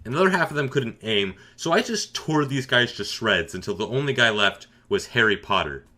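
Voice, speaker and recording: A man telling a comedic gaming story with dry, sarcastic boasting. His pitch swings widely through the telling, and his voice is bright and forceful. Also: expressive, moderate pace.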